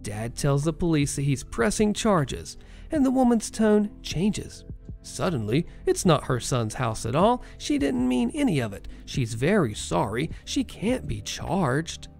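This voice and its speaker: A narrator reading online stories aloud in an expressive, animated way. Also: mid-range voice, unhurried, creaky, faint music behind.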